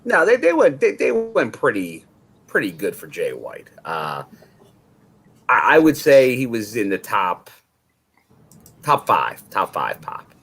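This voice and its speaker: A man's voice: fairly low pitch, huge pitch swings, slow pace, long pauses, a bit bright. A man co-hosting a wrestling podcast in casual chat, explaining facts and often repeating words as he goes. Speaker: podcast co-host.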